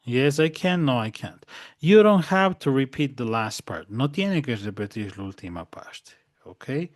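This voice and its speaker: A man's voice: mid-range voice, very animated, moderate pace, no echo, studio quality. A man teaching a language class online. He repeats each point patiently and keeps checking that his students understand.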